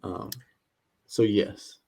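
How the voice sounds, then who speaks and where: A man's voice: extremely slow, dark tone. A young man co-hosting a casual podcast chat, laid-back, mostly answering with short replies and laughs. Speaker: podcast co-host.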